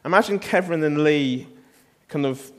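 A man's voice: on the high side, unhurried, a bit bright. A man preaching a sermon, telling the story in a conversational way and asking the listeners rhetorical questions.

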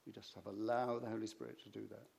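A man's voice: fairly low pitch, level tone, very fast, gravelly, a little mellow, breathy edge. A man preaching a sermon, telling stories and acting out the conversations in them. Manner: anecdotal, acts out conversations in his stories.

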